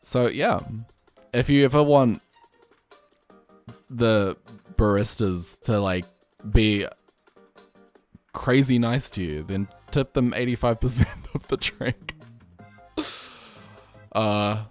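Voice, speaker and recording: A young man from New Zealand with a New Zealand accent, a streamer telling stories in casual chat, laughing often and jumping up in pitch when excited. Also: takes it slowly, long pauses. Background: faint music.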